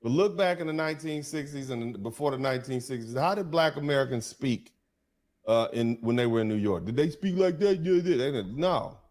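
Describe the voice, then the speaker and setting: A man's voice: mid-range voice, lively intonation, fairly quick, a little mellow. A man co-hosting casual commentary, laid-back and chatty, checking in with listeners.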